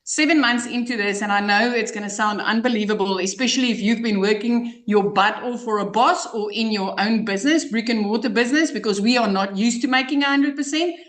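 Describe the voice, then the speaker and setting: A woman with a South African accent giving an emotional, excited testimonial as a guest. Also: a little high, a little fast, hardly any pauses, roomy sound. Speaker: guest client.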